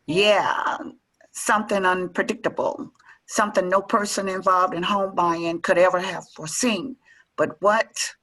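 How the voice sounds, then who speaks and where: A woman's voice: mid-range voice, measured pace, a bit bright, husky, poor audio. A woman reading the part of a playwright plotting a twist, speaking in a mock-dramatic way.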